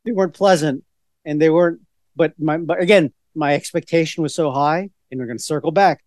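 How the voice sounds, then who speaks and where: A man's voice: a little high, fairly quick, a little mellow, no room sound, studio quality. A middle-aged man co-hosting a casual podcast chat, rambling from one story to the next with many restarts. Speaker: podcast co-host.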